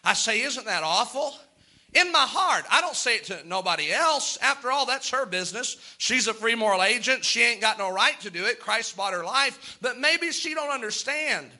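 Man preaching a sermon in church, high voice, real bright, earnest and fired up at times. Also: expressive, moderate pace. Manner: earnest preaching, rising to fervent outbursts. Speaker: pastor.

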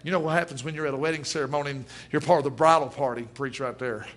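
A man's voice: fairly high pitch, fairly even intonation, fast talker, fairly bright tone. A man preaching a sermon at a church service, folksy and emphatic, in plain everyday speech.

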